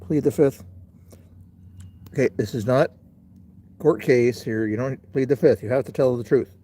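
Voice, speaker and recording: A man's voice: mid-range voice, normal speed, mellow. A middle-aged man hosting a casual livestream outdoors, rambling and talking straight to his chat. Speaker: livestream host.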